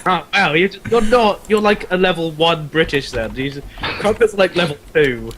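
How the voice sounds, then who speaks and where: A man on a gaming podcast with a higher voice that swings widely, teasing and cursing through the chat. Faint background noise sits under his voice-chat line. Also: expressive, normal speed, fairly bright tone. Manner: teasing, swears, exaggerates. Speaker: podcast guest. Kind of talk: casual chat.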